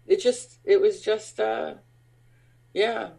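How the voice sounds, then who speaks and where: A woman who is an actor and stand-up comic, telling stories in a casual interview. She talks in a chatty, animated way with many fillers, laughs often and acts out other people's lines. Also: on the low side, moderate pace.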